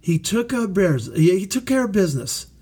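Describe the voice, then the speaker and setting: A middle-aged man preaching a sermon as pastor, slow and emphatic, repeating phrases for weight. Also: high-pitched, sing-song, darkish tone, breathy edge.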